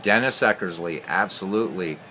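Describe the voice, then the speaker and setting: A man hosting a baseball replay stream, calling the plays and chatting between pitches. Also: fairly quick, sharp tone. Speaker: play-by-play host. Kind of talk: baseball game replay commentary.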